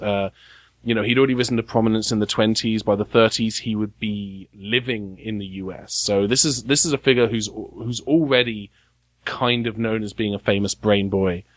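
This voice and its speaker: A man's voice: fairly low pitch, dry recording. A man narrating as game master in a tabletop game, hesitant and full of restarts as he describes scenes. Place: studio, recorded in a game shop.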